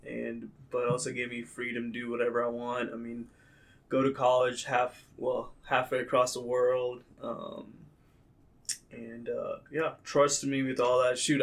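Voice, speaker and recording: A man's voice: medium pitch, flat delivery, moderate pace, fairly bright tone. Easygoing man guest. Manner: easygoing, laughs often. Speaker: podcast guest, sprint coach. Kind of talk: casual interview chat.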